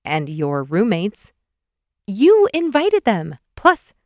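A woman voicing a bubbly, apologetic young woman in an audiobook, reading her lines higher and livelier. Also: animated, moderate pace, darkish tone, no room sound, clean studio sound, lightly acted. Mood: playful.

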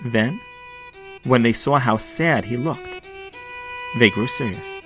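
Expressive male storyteller over faint violin. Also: medium pitch. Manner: expressive, slows and hushes for sad moments. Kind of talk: children's story narration. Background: faint violin music.

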